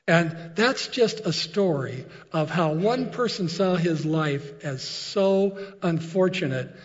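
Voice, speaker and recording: A fairly high-voiced man preaches earnestly, telling a story to make his point. The sound is dull and lo-fi, and a long echo follows each phrase. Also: lively intonation, slow pace, hardly any pauses. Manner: storytelling, earnest, with filler restarts. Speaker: pastor. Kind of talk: sermon.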